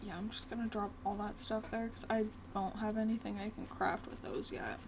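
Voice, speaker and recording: A woman's voice: mid-range voice, steady tone, moderate pace, noisy background. A young woman chatting casually through a gameplay session, often talking fondly to her cat. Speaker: gaming video creator.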